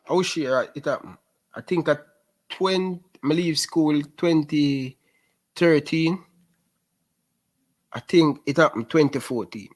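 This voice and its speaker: A man's voice: a little high, slow pace, long pauses. Young Jamaican man telling stories. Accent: Jamaican Patois. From Rema, Jamaica. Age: 20s. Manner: lively storyteller who keeps calling the host "sis". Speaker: interview guest. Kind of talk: casual storytelling in an interview.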